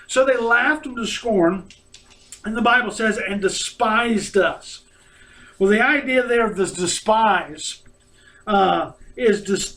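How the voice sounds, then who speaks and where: Bright high-voiced preacher, distant mic. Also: male voice. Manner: earnest, acts out mocking quotes of opponents. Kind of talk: sermon.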